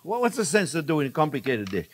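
Man, French accent, older, cooking show host, lively pitch, a bit high, chatty and jokey. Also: fast, slight background noise. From France. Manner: chatty, repeatedly calls viewers friends, laughs at himself. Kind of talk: casual cooking demonstration.

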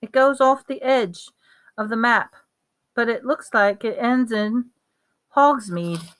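Determined teen boy wizard, read by a woman, panting, grim, raised pitch, forceful. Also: slow pace. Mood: urgent.

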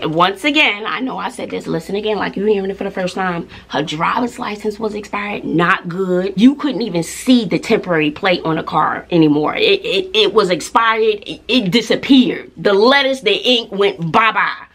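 A woman's voice: mid-range voice, normal speed, fairly bright tone. A middle-aged woman, chatting casually to her viewers in an emphatic way, repeating herself and often laughing. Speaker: vlogger, mother. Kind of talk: casual chat to camera.

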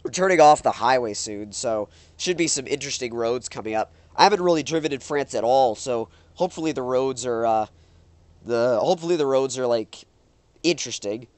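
A man's voice: medium pitch, animated, brisk, a little mellow, dry recording. A man with a stuffed-up nose giving casual, rambling commentary while playing a driving game, often exclaiming at the road. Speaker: gaming YouTuber.

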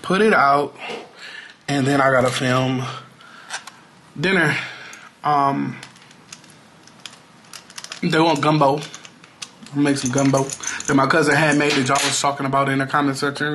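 A man's voice: medium pitch, steady tone, a little slow, long pauses, fairly bright tone, a little hiss or hum. A man talking casually to his viewers in a home vlog, playful and loose with slang and fillers. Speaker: vlogger. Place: home, at his computer and kitchen.

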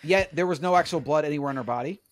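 A man's voice: a little high, rapid-fire, a little hiss or hum. A man hosting a podcast, telling stories in a boastful, rambling way, full of restarts. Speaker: podcast host. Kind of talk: casual chat.

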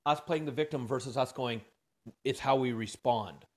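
A podcast guest tells a story in a lively way, acting out the voices of the people in it. He has a medium-pitched voice and a moderate pace.

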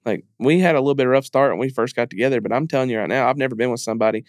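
A man's voice: medium pitch, racing, dry recording, studio quality. A man speaking as a podcast guest in a candid interview, earnest and emphatic, repeating phrases as he talks openly about grief.

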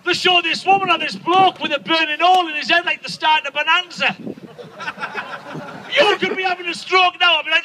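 A man doing stand-up to an outdoor protest crowd, ranting loudly and swearing, shouting his punchlines. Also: very high-pitched, steady tone, fairly quick, low-quality recording. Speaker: stand-up comedian.

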